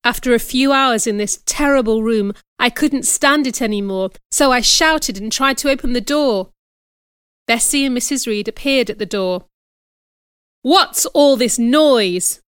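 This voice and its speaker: A woman reading a storybook aloud as narrator, in a careful, steady storytelling manner. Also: fairly high pitch, moderate pace, clear, resonant tone, no echo, studio quality. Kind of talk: scripted audiobook narration.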